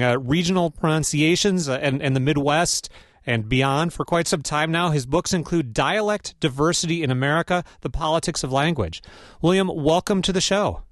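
A man's voice: fairly high pitch, no room sound, studio quality. A man hosting a radio interview, asking questions in a curious, conversational way. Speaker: radio host.

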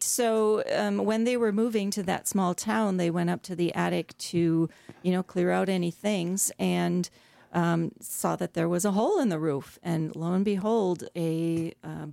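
A woman's voice: fairly low pitch, gravelly, no room sound. A middle-aged woman, an author, talking earnestly as a guest in a radio interview with frequent hesitations. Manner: warm, earnest storytelling with hesitations.

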